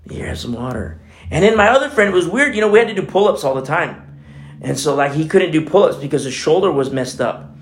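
A man's voice: a little high, expressive, fairly quick. A man preaching a casual, conversational sermon in church, telling a personal story with many fillers. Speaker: pastor.

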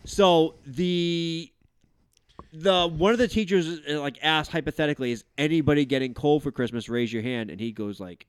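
Animated storytelling dad, dry mic. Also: male voice, fairly high pitch, normal speed, clear, resonant tone, no echo. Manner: animated storyteller, swearing, many fillers. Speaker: podcast host. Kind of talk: casual chat.

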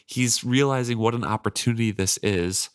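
A man co-hosting a book podcast, chatting casually and retelling a novel in a relaxed way, laughing often. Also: medium pitch, moderate pace, smooth.

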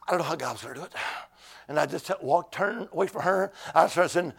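A man preaching as an evangelist in a church, shouting in rhythmic bursts and breaking into tongues. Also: on the high side, fairly quick, creaky, breathy edge. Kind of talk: sermon. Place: church with a keyboard player.

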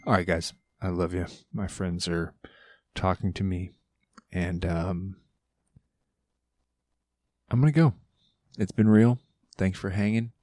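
A man's voice: deep voice, slow pace, pauses often, darkish tone, dry recording, studio quality. A man hosting his own podcast, rambling loosely and swearing casually, with playful asides. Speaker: podcast host. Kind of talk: casual solo podcast chat.

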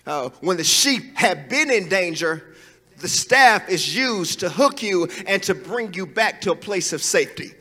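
A man's voice: high-pitched, lively intonation, measured pace, pushed and bright, long reverb tail. A man preaching a sermon in a conversational, emphatic way, with asides and chuckles.

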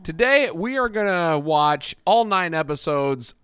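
A relaxed man co-hosting a movie podcast, his pitch rising and falling a lot as he jokes with his partner. The sound is dry and close, with no room echo. His tone stays loose and playful. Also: a little slow, clear, resonant tone. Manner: laughing, teasing, loose. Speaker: podcast co-host. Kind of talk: casual chat.

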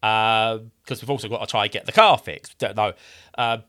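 A man's voice: fairly low pitch, fairly even intonation, normal speed, pushed and bright. A man in his thirties telling a rambling story in a casual way, acting out the voices he quotes.

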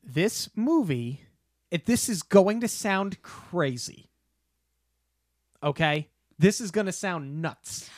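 Male podcast co-host, unhurried and deliberate, close dry mic, amused storyteller. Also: high-pitched, expressive, no echo. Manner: slow, deliberate build-ups with playful disbelief. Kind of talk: casual podcast chat. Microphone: podcast microphone.

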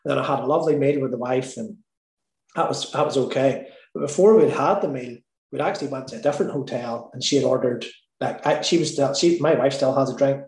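A man's voice: medium pitch, a little fast, a little mellow. Give me an Irish man telling a candid story in a roomy, echoey space. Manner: candid, laughing, sweary. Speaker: guest. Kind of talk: casual storytelling. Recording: roomy echo.

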